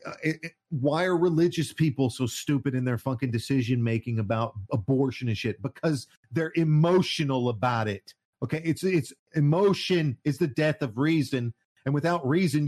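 A man's voice: on the high side, darkish tone. A man ranting in casual podcast chat, heated and profane. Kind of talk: casual political rant.

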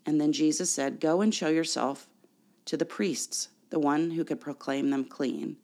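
A pastor preaching a sermon, measured and steady, asking the congregation rhetorical questions. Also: mid-range voice.

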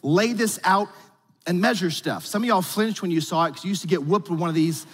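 Husky high-voiced preacher in a big hall. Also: male voice, brisk. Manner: playful, joking, talks straight to the congregation. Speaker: pastor. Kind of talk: conversational sermon. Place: church sanctuary. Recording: long reverb from a large hall.

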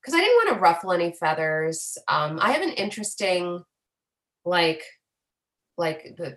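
A young woman from Canada, an influencer speaking candidly and earnestly in an interview, animated, with plenty of fillers. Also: lowish voice. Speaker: guest, influencer.

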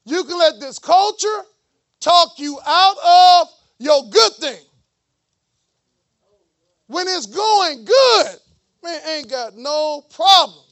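Pastor guy preaching, real high voice, animated and teasing the crowd. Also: slow pace, long pauses. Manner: preachy, animated, mocking asides. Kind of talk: sermon.

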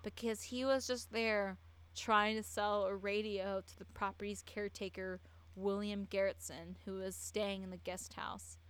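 A woman's voice: medium pitch, level tone, a little slow, clean tone, poor audio. Tipsy woman rambling through a true-crime story. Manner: rambling, stumbles and restarts sentences.

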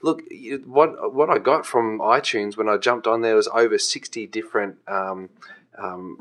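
A man co-hosting a podcast, talkative, teasing and enthusiastic. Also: lowish voice. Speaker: podcast co-host. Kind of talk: casual podcast chat.

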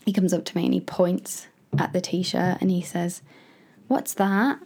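A woman's voice: on the low side, level tone, normal speed, creaky, mellow, slightly rough. A young woman co-hosting a podcast, telling stories in a casual chat and laughing often. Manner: chatty storyteller, laughs often. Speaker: podcast co-host.

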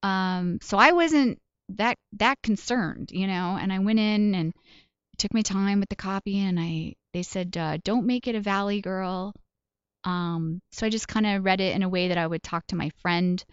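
A woman's voice: mid-range voice, moderate pace, clear, resonant tone, no echo, dull audio. A woman comedian and voice actor chatting in an interview, telling stories in a self-deprecating way with laughs along the way. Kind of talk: casual interview chat.

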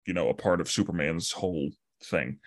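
A man hosting a podcast, chatting casually and acting out his own reactions with animated energy. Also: sits low, moderate pace. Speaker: podcast host. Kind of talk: casual chat.

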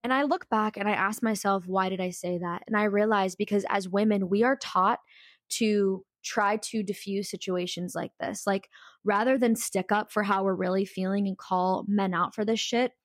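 A woman's voice: medium pitch, fairly even intonation, moderate pace, no echo, studio quality. A young woman telling a personal story in a casual, candid and emphatic way, full of "like" fillers.

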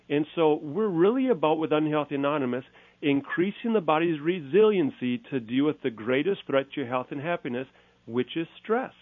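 Male guest expert from Minnesota, mid-pitched, folksy and emphatic; thin phone-like sound, dry. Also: animated, brisk, dry recording. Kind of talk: talk show interview. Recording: tinny phone-like line.

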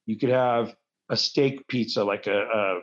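A man's voice: fairly low pitch, measured pace. A man who wrestles, chatting casually as an interview guest and rambling through self-deprecating stories. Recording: dull lo-fi recording.

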